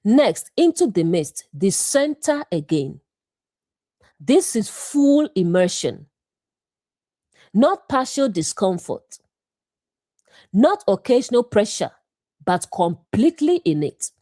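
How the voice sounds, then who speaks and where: A woman giving a scripted devotional Bible teaching, speaking in short, deliberate phrases with a measured delivery. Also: medium pitch, big pitch swings, mellow, no room sound, studio quality.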